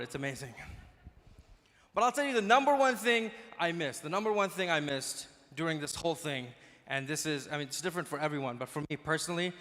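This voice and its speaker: A man's voice: a little high, bright, forceful tone. A man in his thirties from Dubai doing stand-up comedy in a large conference hall, chatting and teasing the crowd in a self-deprecating way. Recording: echoey hall with long reverb.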